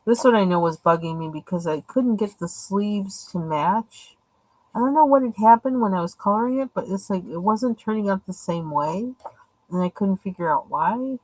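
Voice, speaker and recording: A woman's voice: medium pitch, expressive, moderate pace, a little mellow, no room sound, poor audio. A woman casually showing her coloring pages at home, rambling and thinking aloud as she goes. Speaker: coloring channel host. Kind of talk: casual show-and-tell.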